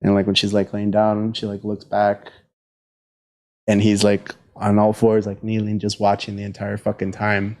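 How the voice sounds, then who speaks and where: A man's voice: lowish voice, completely flat delivery, moderate pace, a little mellow. A man telling a long profane story in a casual podcast chat.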